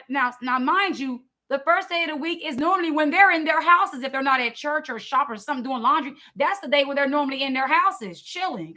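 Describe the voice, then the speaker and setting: A woman delivering fiery, sermon-like commentary in a high voice. Her tone is bright and ringing, and she leans hard on her points, often repeating words as she builds momentum. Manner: emphatic, preachy, repeats words. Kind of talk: impassioned commentary.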